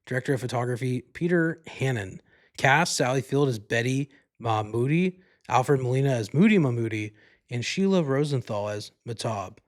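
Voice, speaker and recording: A man's voice: medium pitch, animated, moderate pace. A man hosting a podcast, giving a casual movie review in a rambling, profane way, full of "like" and "you know". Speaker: podcast host.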